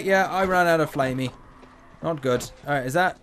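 A man's voice: a little high, normal speed, very noisy. A man giving playful, chatty let's play commentary, joking to himself as he plays. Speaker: gamer.

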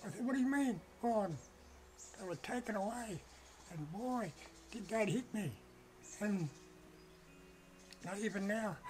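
A woman's voice: mid-range voice, darkish tone, slight background noise, poor audio. An older Australian woman telling her story in a documentary interview, emotional and conversational, peppered with "you know".

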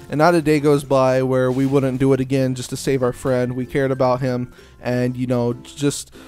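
A young man speaks to viewers in an earnest, rambling way. His pitch barely moves and stays flat throughout. Faint music plays beneath his voice. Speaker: vlogger's friend. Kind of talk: casual earnest address.

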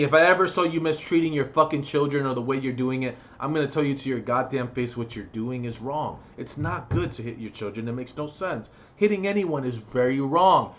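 A man delivering a heated, profane vlog rant straight to the camera, with loud outbursts. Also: medium pitch, brisk, hardly any pauses. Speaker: vlogger. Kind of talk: ranting vlog monologue.

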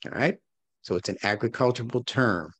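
A man's voice: mid-range voice, moderate pace, fairly bright tone, slightly rough, no echo. A man teaching a recorded religious class, who challenges his listeners with rhetorical questions and repeats his key points. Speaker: religious instructor.

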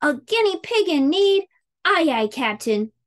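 Bold little pirate girl, read by a woman: hollering, growly, high, lively. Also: measured pace, full character voice. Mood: boisterous.

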